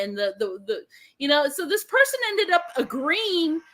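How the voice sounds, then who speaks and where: A woman co-hosting a casual chat, reacting quickly and telling a story in a guarded way. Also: sits high, sing-song, pushed and bright, low-quality recording.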